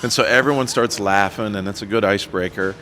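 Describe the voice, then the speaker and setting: A man as a podcast guest, telling his life story in an animated, self-deprecating way and acting out what people said. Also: on the low side, quick pace, slight background noise. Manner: animated storyteller who acts out his own quotes. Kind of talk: storytelling interview.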